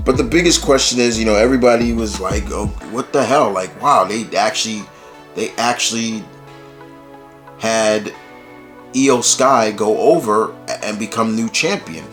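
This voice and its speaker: A man from New York hosting his own channel, chatting loosely about wrestling with lots of fillers. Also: lowish voice. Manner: loose, rambling, many fillers. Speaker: YouTube host. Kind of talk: casual wrestling commentary vlog.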